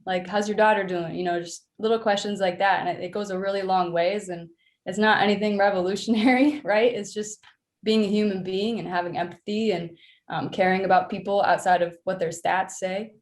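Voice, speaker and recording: A woman guest, a basketball coach, speaking earnestly in a casual interview, with light laughs and "um" pauses. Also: mid-range voice, fairly even intonation. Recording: roomy echo.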